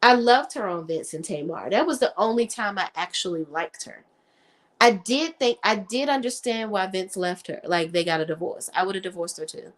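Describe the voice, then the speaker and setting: A woman hosting a casual chat about reality TV, blunt and profane, quick to laugh. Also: mid-range voice. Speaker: host.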